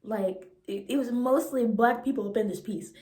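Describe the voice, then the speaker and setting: A young woman in her twenties telling a storytime vlog in an animated, slangy way and acting out the voices. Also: a little high, moderate pace. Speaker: vlogger. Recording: roomy echo.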